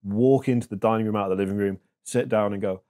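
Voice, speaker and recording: A man in his thirties, a podcast guest talking in a reflective, halting way with many fillers. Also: on the low side, steady tone, warm tone. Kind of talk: casual chat.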